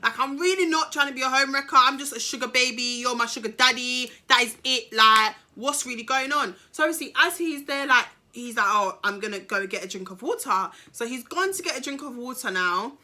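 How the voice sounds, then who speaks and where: Bright chatty young woman. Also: sits high, brisk, hardly any pauses. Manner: chatty, animated, slangy, swears. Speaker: storytime vlogger. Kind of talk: casual storytelling.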